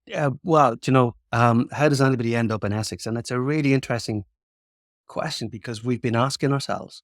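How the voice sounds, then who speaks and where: An Irish man in his fifties talks as a guest, telling stories in a loose, chatty way full of ums and restarts. His voice sits at a middling pitch. The sound is close and dry, with no room echo. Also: brisk. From Ireland. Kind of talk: casual interview chat.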